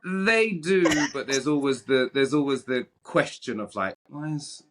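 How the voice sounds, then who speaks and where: A British actor speaking as a guest in an interview, frank and animated, often restarting his sentences. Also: mid-range voice, unhurried, noisy background. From Britain. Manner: frank and animated, with many repeated starts. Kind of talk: candid interview conversation.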